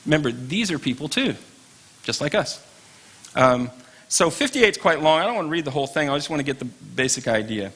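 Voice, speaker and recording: A man leads a church class in a relaxed, chatty way, dropping wry little asides as he goes. His voice sits a bit high and rings bright and forceful. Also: brisk, breathy edge. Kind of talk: informal Bible class teaching.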